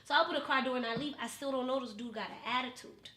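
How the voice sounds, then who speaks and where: A woman's voice: high voice, very fast, sharp tone, echoey room. A woman telling a dating story on a podcast, profane and dramatic, acting out the voices of the people in it. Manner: profane, dramatic, acts out quotes. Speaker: podcast guest. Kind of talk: animated storytelling.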